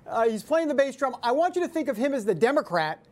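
A man's voice: very high voice, sing-song, quick pace. Joking, rambling male talk-show host. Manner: joking, laughs often, rambling asides. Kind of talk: casual news chat.

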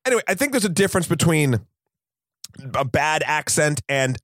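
Animated New England man, dry studio. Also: on the high side, normal speed, no echo. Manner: animated, swears freely, retells scenes. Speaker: podcast co-host. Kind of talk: casual movie chat.

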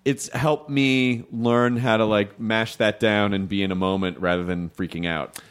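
A man telling a long, rambling story to his podcast co-hosts. He leans into the quoted lines, his pitch leaping up for them before settling back to an easy, conversational tone. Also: normal speed, clean tone. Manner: animated storyteller, jumps pitch for quoted voices. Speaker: podcast host. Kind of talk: casual chat.

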